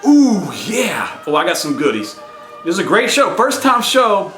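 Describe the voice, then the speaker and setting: A man's voice: high-pitched, very animated, moderate pace, pushed and bright, faint music behind. A man vlogging in a brash, boastful, hype-man patter. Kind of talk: casual hype vlog. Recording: echoey room sound.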